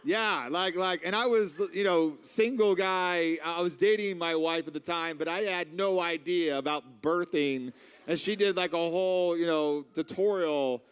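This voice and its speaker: A man in his thirties preaches at a conference, spinning a funny, self-deprecating story. His voice sits a little high and rings smooth and resonant. The sound carries the long reverb of a large church hall. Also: unhurried. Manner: humorous, self-mocking storyteller. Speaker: conference speaker. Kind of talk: storytelling sermon.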